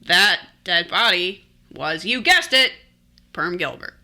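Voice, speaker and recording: A woman co-hosting a podcast, casually retelling a mystery story in an animated, joking way. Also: lowish voice, slow pace. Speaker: podcast co-host.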